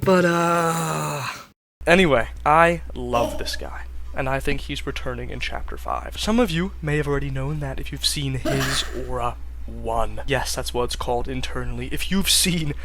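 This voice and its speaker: A gaming video creator talking to viewers in excitable, exclamatory casual commentary. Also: medium pitch, moderate pace.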